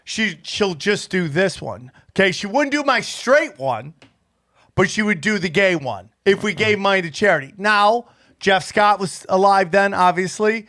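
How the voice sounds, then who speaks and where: A man's voice: sits high, a bit bright. A man hosting a podcast, telling a long, profane anecdote in casual chat. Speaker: podcast host.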